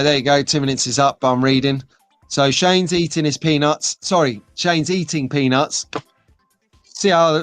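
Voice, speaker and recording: A man's voice: fairly high pitch, clean tone, no room sound. Chatty rambling male stream host. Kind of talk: live stream chat, reading viewer comments.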